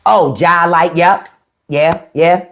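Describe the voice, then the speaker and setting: A middle-aged woman with a DC-area accent hosts a casual live stream as a podcast host, talking bluntly and swearing plenty. Her voice is lowish and slow, her manner blunt, profane and animated, picked up by a phone or desk mic.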